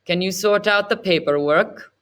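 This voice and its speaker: A woman's voice: medium pitch, moderate pace, voice pushed up, close to an everyday voice. A woman voicing a curt, menacing middle-aged male gangster boss who talks brusquely and dismissively. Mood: appraising.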